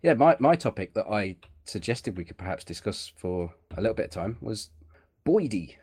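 A man's voice: lowish voice, animated, fairly quick, darkish tone, breathy edge. A man co-hosting a podcast, chatting casually and teasing his partner while they play a game. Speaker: podcast co-host. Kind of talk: casual chat while gaming.

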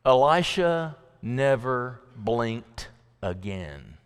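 In a church sanctuary with long hall reverb, a man gives an evening sermon in a chatty, conversational way, putting questions to his listeners. He acts out quoted voices with sudden pitch jumps. His delivery is very animated yet very slow, with a clear, resonant tone.

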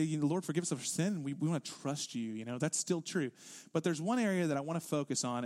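A man's voice: medium pitch, darkish tone. A man preaching a sermon as pastor, emphatic and conversational, often acting out quoted lines with casual asides to the congregation.

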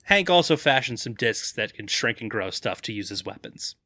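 A man co-hosts a casual podcast, rattling off the plot with lively, swinging pitch. His voice is bright and sits close to the mic, dry with no room sound. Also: no echo. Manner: reads plot summaries quickly, laughs often. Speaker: podcast co-host recapping the plot.

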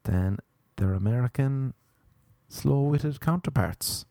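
A man's voice: medium pitch, animated, takes it slowly, dark tone, no echo, clean studio sound. A young Irish man doing a rambling, sardonic stand-up comedy routine. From Ireland. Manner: rambling, sardonic observational storytelling.

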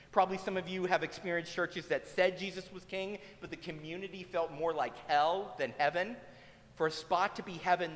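A man's voice: fairly high pitch, a bit bright. A male pastor preaching a sermon in a conversational, humorous way, recorded in a church hall. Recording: long hall reverb.

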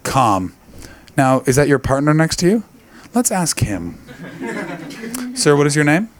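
A man's voice: fairly high pitch, sing-song, slow pace. A man in his late twenties doing stand-up crowd work, brash, profane and teasing. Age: late 20s. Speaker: stand-up comedian.

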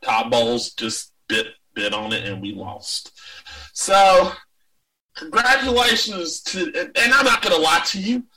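A man's voice: on the high side, a little slow, recorded from a distance, rough recording. A man co-hosting a casual sports chat, ranting and swearing with lots of energy. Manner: profane, ranting, animated. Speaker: podcast co-host.

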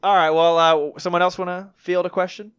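Young male host, light teasing banter, slightly high voice. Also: little pitch movement, brisk, clear, resonant tone, dull audio. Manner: joking, teasing. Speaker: podcast host. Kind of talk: casual podcast chat.

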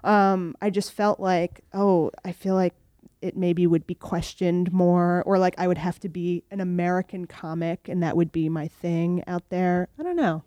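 A woman's voice: fairly low pitch, normal speed, no echo. A young woman, a comedian, chatting casually with frequent "like" fillers. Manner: chatty, lots of "like" fillers, animated. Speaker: comedian guest. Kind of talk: casual podcast chat.

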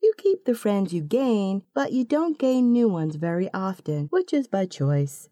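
A woman narrating a second-person story in a slow, calm and intimate manner. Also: medium pitch, no echo, studio quality.

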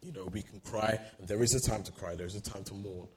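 A man's voice: on the low side, fairly even intonation, quick pace, a little mellow, a little hiss or hum, low-quality recording. A man preaching a sermon, earnest, often repeating words as he works through a thought.

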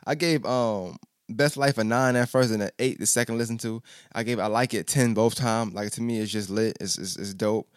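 A man's voice: lowish voice, moderate pace, clean tone, no echo, clean studio sound. A man hosting a podcast, chatting casually as he reviews an album, stuttering often and repeating himself in loose slang. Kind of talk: casual music review chat.

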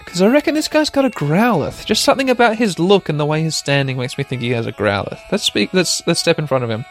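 A man's voice: a little high, animated, fast talker. Man, podcast host, casual let's-play commentary, chatty, self-mocking, laughs a lot, faint music behind. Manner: chatty, self-mocking, talks to listeners directly, laughs often. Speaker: podcast host playing a video game.

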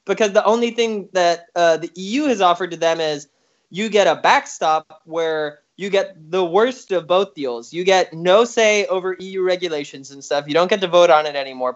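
A man's voice: high-pitched, brisk, fairly bright tone. A man talking through politics in casual, rambling chat, swearing and joking as he goes. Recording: slightly dull lo-fi sound.

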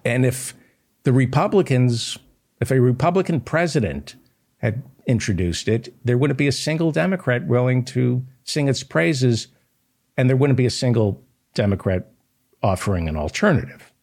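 Husky, sarcastic male political host. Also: mid-range voice, animated, moderate pace, a little mellow. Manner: sarcastic, impassioned, ranting. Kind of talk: political commentary monologue.

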